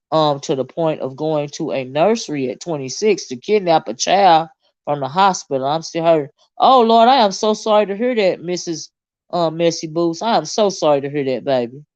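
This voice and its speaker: A woman's voice: low voice, a little mellow, no room sound, dull audio. A woman hosting a casual livestream and reading her chat, blunt and swearing freely, with a habit of repeating herself.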